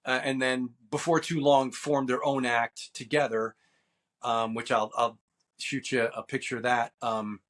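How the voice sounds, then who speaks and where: A man's voice: medium pitch, fairly even intonation, unhurried, fairly bright tone. A man in his fifties from New Jersey, an actor and stuntman chatting easily as an interview guest, rambling with fillers. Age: 50s. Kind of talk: casual interview.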